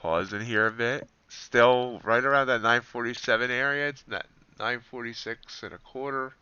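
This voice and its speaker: A man's voice: mid-range voice, normal speed, pushed and bright, clear, resonant tone, no echo, highs cut off. A man live-streaming his futures trades, thinking aloud in a muttered running commentary with dry asides. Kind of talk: thinking aloud while trading.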